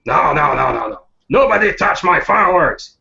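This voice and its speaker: A man's voice: on the high side, sing-song, moderate pace, sharp tone, pitched above the performer's own voice, exaggerated voice. A man voicing a cranky handyman in his fifties who barks orders at a kid. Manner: gruff, barking orders. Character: cranky middle-aged male pyrotechnician handyman. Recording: dull lo-fi sound.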